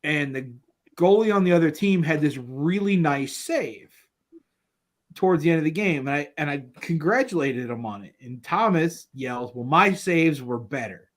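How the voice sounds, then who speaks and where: A man in his thirties co-hosting a casual podcast, telling family stories in an animated way and laughing through them. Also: on the high side, normal speed. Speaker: podcast co-host. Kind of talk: casual chat.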